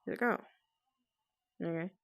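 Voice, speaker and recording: A woman talking quietly and carefully at home, explaining herself to friends with nervous laughs. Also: measured pace. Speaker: vlogger. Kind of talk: casual explainer talk to friends. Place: at home with family nearby.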